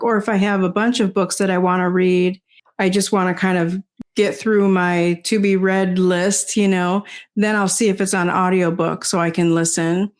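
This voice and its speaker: An older woman talking as an interview guest, rambling casually with many "you know"s and soft laughs. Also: mid-range voice. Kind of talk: casual conversation.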